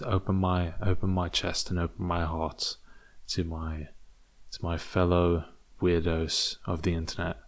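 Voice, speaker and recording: Young british guy rambling on his own podcast, low voice, pretty flat, jokey, trips over his words. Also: a little slow, gravelly. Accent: British English with American slips. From England. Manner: rambling, jokey, stammering restarts. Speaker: podcast host. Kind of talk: rambling solo podcast monologue.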